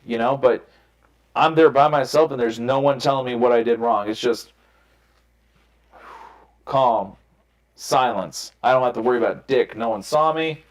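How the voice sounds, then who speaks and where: A man's voice: medium pitch, normal speed, long pauses. Young male podcast host, candid and profane, rambling storyteller, roomy echoey sound. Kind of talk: casual chat. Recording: roomy echo.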